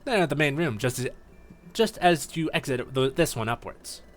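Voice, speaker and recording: A man's voice: medium pitch, animated, moderate pace, natural voice. A man voicing a kind psychic healer girl. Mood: friendly. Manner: gentle, chatty, caring. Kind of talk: voicing game dialogue on stream.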